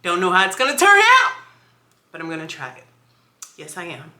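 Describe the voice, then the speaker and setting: A woman's voice: on the low side, wildly swooping pitch, fairly quick, sharp tone, echoey room. A woman filming a casual home cooking vlog in her kitchen, chatting and joking with viewers as she cooks. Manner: chatty and joking, talks straight to viewers as y'all. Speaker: home cook vlogger.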